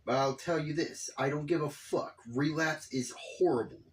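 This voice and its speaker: A man's voice: fairly high pitch, fairly even intonation, moderate pace. A man giving casual, profane reaction commentary on a video, exasperated and rambling.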